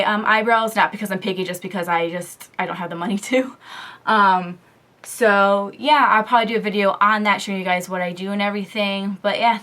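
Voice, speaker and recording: A young woman casually telling a story in a beauty vlog, chatty and animated, full of "like" and "um", talking straight into a camera mic. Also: mid-range voice. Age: young adult. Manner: chatty, lots of "like" and "um"; animated storytelling, quoting others. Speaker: beauty vlogger.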